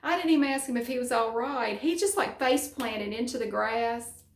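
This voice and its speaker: A woman's voice: on the high side, normal speed, slight background noise. A middle-aged woman from the American South with a Southern accent, chatting casually in a vlog and laughing often. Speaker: vlogger. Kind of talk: casual chat. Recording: roomy echo.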